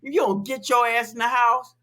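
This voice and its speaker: A woman co-hosts a casual podcast chat. Her voice sits fairly high, and she tells stories in an animated way, swearing and laughing often. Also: brisk, a crowd in the background. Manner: animated, laughing, profane storytelling. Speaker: podcast co-host.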